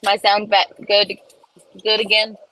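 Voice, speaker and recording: A woman's voice: mid-range voice, completely flat delivery, a little slow, pushed and bright, low-quality recording. A woman host on a phone livestream, sitting in her car, ranting bluntly and profanely. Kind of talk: casual livestream rant. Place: in a parked car in a school pickup line.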